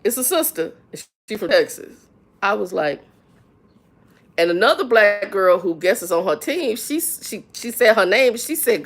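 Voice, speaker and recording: A middle-aged woman chatting casually on a livestream, telling animated, slangy stories about work and repeating herself as she gets riled. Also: on the high side, normal speed. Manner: animated storytelling, voice jumps up when riled; slangy, frank, repeats words. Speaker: livestream host.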